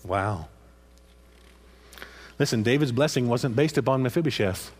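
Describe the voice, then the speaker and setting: A husky-voiced man preaching with rising passion. He circles back over his own phrases and keeps checking in with his listeners by asking "huh?" after each point. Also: medium pitch, expressive, a little slow. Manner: impassioned, repeats phrases and prods listeners with "huh?". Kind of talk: sermon.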